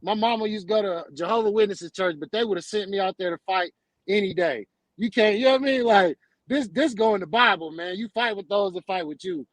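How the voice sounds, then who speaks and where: A man's voice: high voice, brisk, no room sound, rough recording. A man hosting a casual sports talk show, talking emphatically in a ranting way and ending many lines with "man".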